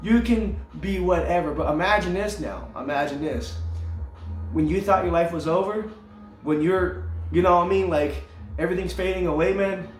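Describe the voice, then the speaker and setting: A man's voice: sits high, moderate pace. A man in a casual spoken testimony, talking earnestly. He ends almost every phrase with "man", repeats his words and laughs often. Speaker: storyteller sharing his faith. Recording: echoey room with faint music.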